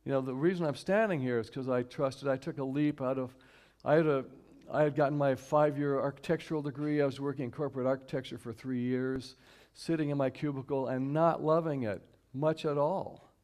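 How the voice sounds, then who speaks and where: A man from Houston gives an inspirational talk to a church audience in a middle-pitched voice. He speaks conversationally, slowing down to repeat key lines and asking the audience to say them along with him. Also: fairly even intonation, darkish tone. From Houston, Texas. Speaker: guest speaker and singer at a church service. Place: church sanctuary, live stream.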